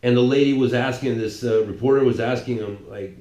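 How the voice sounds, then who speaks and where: A man holds forth in a heated, rambling political rant, stumbling over and repeating his words as he pushes his point. His voice sits at an ordinary middle pitch. The room around him rings back with noticeable echo. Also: fairly even intonation, fairly quick, hardly any pauses, mellow. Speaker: political commentator. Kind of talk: ranting monologue.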